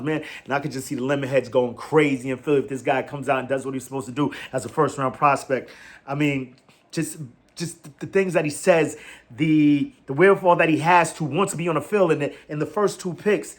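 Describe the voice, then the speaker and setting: Slightly high-voiced guy hyping his team, rambling and slangy, laughs a lot. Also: fairly quick. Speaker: sports fan show host. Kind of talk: casual fan commentary vlog.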